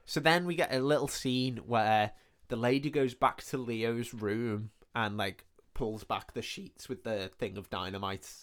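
A man on a film podcast talks through a plot at an ordinary mid pitch. He tells it loosely and with energy. He swears freely and drops "like" into almost every sentence. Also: measured pace. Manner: animated retelling, heavy swearing, many "like" fillers. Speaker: podcast co-host. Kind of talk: casual film recap chat.

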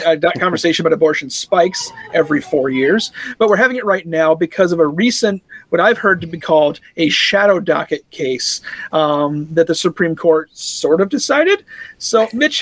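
A man's voice: a little high, no echo, rough recording. A man hosting a casual discussion podcast, talking in a conversational way with frequent fillers and a dry, sarcastic edge. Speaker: podcast host.

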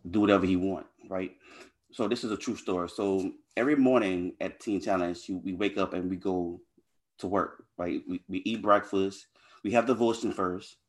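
Deep-voiced man telling his story. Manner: earnest storytelling, casual phrasing. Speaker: interview guest. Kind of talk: personal testimony in conversation.

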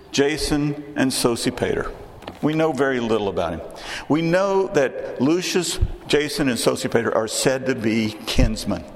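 A man with a Texan accent delivers a sermon in a relaxed, conversational manner, doubling back on his words as he goes. His voice sits at an ordinary pitch. A long reverb trails behind him, with faint noise underneath. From Texas. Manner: conversational, repeats words and restarts. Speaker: preacher.

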